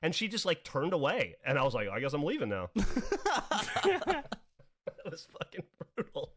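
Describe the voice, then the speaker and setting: A podcast co-host in his forties from the American South tells funny stories casually, swearing and laughing often and acting out the people he quotes. His voice is on the high side and husky, very animated, at a moderate pace.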